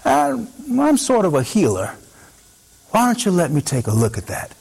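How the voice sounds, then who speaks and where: A man voicing a soft-spoken, earnest stranger who drives a beat-up car and offers to heal people, in a coaxing, easygoing way. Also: high-pitched, huge pitch swings, normal speed, gravelly, breathy edge, voice pushed up, exaggerated voice. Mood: friendly coaxing.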